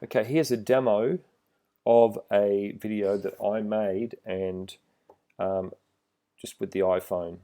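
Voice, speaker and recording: A middle-aged man giving a relaxed, plain-spoken instructional talk to trainee driving instructors, with some fillers. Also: lowish voice, slow. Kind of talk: instructional voice-over with slides.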